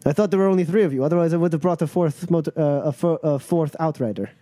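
A man's voice: fairly high pitch, fast, mellow, no echo, pitched above the performer's own voice, close to an everyday voice. A man putting on a brusque outrider captain woman. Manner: curt, commanding.

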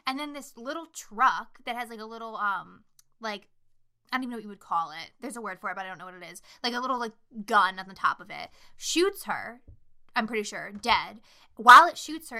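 Bright, animated young woman chatting. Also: a little high. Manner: swears freely, animated storytelling with shouted impressions. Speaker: podcast co-host. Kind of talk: casual movie chat.

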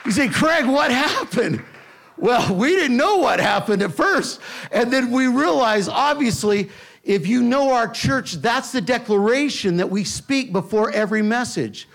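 A man preaching a sermon to a church, telling a personal story with emphatic delivery that drops to a hush in tender moments. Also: very high voice, lively intonation, measured pace, vocal fry. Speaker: pastor.

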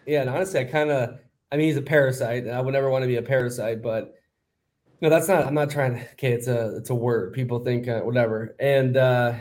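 A man's voice: medium pitch, fairly even intonation, fast, darkish tone. A man co-hosting a podcast, telling a long story in a rambling, casual way with lots of fillers. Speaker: podcast co-host.

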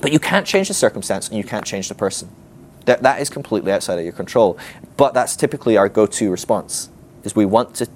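Man, ministry class teacher, animated pitch, conversational, acts out quoted voices. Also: quick pace, slight background noise.

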